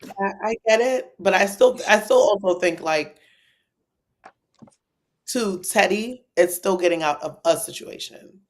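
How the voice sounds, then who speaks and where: A woman co-hosting a casual livestream chat, animated and quick to laugh, swinging between loud and soft. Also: mid-range voice. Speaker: co-host.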